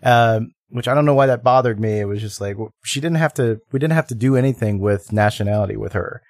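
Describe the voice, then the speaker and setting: A man co-hosting a podcast, discussing a film in a halting way with many restarts and mock quotes. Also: medium pitch, no echo, clean studio sound. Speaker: podcast co-host.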